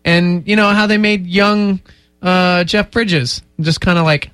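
A man's voice: high-pitched, steady tone, a little slow, a bit bright, smooth, no echo. A man hosting a morning radio show, bantering casually and joking with his co-host. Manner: playful, jokey, casual. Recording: music bed under the talk.

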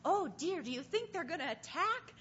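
A woman voicing an excitable woman tourist on safari with a southern African accent, gasping out fretful exclamations. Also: very high voice, moderate pace, a little hiss or hum, pitched above the performer's own voice. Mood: alarmed. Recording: dull lo-fi sound.

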